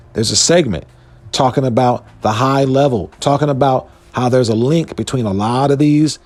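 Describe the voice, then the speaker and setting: A man's voice: medium pitch, darkish tone. A man, hosting a show and delivering a heated, emphatic commentary monologue in casual slang. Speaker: podcast host.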